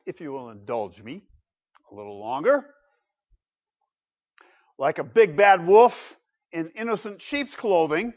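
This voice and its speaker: A man preaching a sermon with dramatic rhetorical questions, swinging from loud to quiet. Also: a little high, animated, a little slow, pauses often. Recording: dull lo-fi recording.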